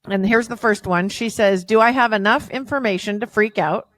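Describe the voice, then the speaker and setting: A woman's voice: mid-range voice, normal speed, a bit bright, dry recording. A woman hosting a podcast, leading a thoughtful casual discussion. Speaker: podcast host. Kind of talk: casual chat.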